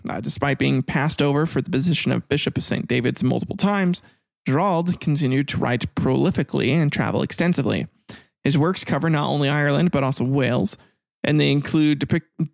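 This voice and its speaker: A man's voice: on the high side, gravelly, no echo, clean studio sound. A man hosting a history podcast in casual chat, rambling between reading notes and crude joking asides. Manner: rambling, jokey, crude asides, frequent laughs. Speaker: podcast host.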